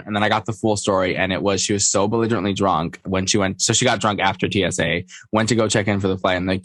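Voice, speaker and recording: A man with a fairly low voice co-hosts a casual gossip podcast. He tells stories with animated, sassy flair and acts out the people he quotes. The sound is dry and close, with no room around it. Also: fast talker, hardly any pauses, no echo. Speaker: podcast co-host.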